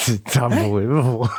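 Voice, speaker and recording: A middle-aged man co-hosting a comedy podcast, talking expressively and laughing often in a casual chat. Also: husky. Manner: expressive, rises high when worked up, laughs often.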